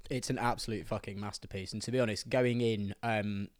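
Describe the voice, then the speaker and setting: A man co-hosting a music podcast, talking in a relaxed, dry-humoured way with casual swearing. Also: on the low side, fairly quick, no echo. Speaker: podcast co-host.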